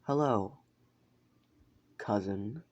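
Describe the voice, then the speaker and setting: A man voicing a blunt, unsettling young man who speaks calmly and matter-of-factly, with light swearing. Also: fairly low pitch, extremely slow, dull audio. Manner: calm, matter-of-fact, lightly profane.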